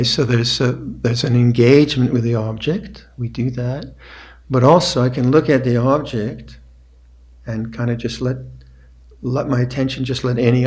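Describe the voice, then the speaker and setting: Older man giving slow meditation instructions. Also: medium pitch, a little mellow. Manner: slow, reflective, with pauses and restarts. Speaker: meditation teacher. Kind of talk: dharma talk with meditation instructions. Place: retreat meditation hall.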